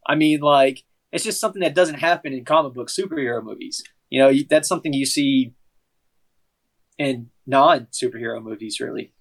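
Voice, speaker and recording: Male podcast co-host, thoughtful, explains at average pitch. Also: fairly quick. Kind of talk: casual movie-review chat.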